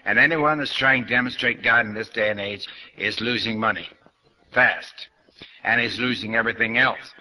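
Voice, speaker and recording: A man's voice: mid-range voice, moderate pace, sharp tone, rough recording. An older man giving a spiritual lecture to an audience, blunt and questioning, speaking straight to his listeners. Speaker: New Thought lecturer.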